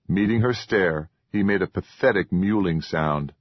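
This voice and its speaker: Low husky male audiobook narrator. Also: no echo. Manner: measured, even storytelling. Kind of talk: scripted narration. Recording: dull lo-fi dry recording.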